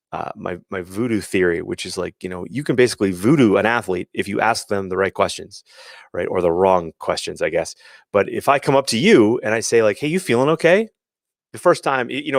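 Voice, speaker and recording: A man's voice: on the low side, vocal fry, no echo, clean studio sound. A man hosting a live sports show, talking casually and rambling, often restarting and acting out quotes. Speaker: host of a sports parenting show. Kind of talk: casual live-stream talk.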